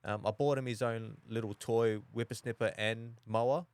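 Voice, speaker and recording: A young Australian man chatting casually as a podcast guest, halting and full of restarts. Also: mid-range voice, steady tone, clear, resonant tone, dry recording. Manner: halting, many restarts and fillers. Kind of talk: casual chat.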